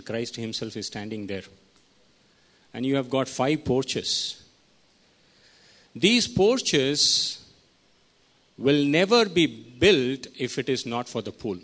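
A man's voice: medium pitch, fairly bright tone. A man preaching a sermon, teaching verse by verse and putting questions to his listeners. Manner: teaching, asks the congregation questions.

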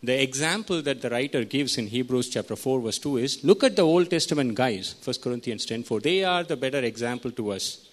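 A man delivers a teaching sermon at a mid pitch. He reads through scripture, tells his listeners which words to underline and keeps putting questions to them. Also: animated, fairly quick. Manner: teaching, asks the congregation questions. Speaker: preacher.

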